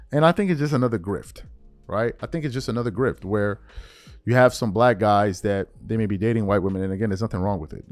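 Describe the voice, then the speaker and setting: A man hosting a sports commentary channel, delivering an emphatic, repetitive opinion rant straight at his viewers. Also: on the low side.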